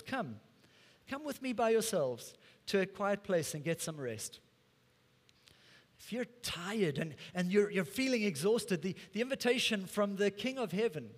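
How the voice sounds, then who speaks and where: A man's voice: sits high, in a large hall. A man preaching a sermon as a pastor, earnest and conversational, often repeating words as he goes.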